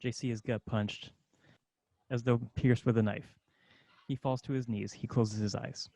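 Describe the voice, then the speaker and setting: A man's voice: mid-range voice, fairly even intonation, measured pace, mellow, no echo. A man narrating screenplay stage directions in a matter-of-fact way.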